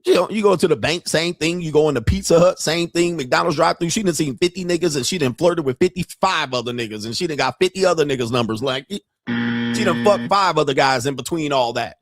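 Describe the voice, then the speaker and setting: A man's voice: fairly high pitch, a little fast, no echo, studio quality. A man hosting a show, telling profane stories in casual commentary and mimicking other people's voices as he goes. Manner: animated storytelling, mimics voices. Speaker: podcast host.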